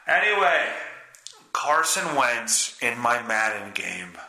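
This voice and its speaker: A man's voice: mid-range voice, sing-song, takes it slowly, sharp tone, echoey room, low-quality recording. A man with a stuffy nose hosting a solo podcast, rambling, swearing and mocking himself. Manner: rambling, profane, self-mocking. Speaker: podcast host.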